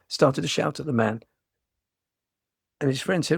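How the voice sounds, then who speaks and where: A man's voice: on the high side, normal speed, creaky, long pauses, breathy edge, no echo, clean studio sound. An older man giving a dharma talk as a meditation teacher, reflective and storytelling, often restarting his phrases.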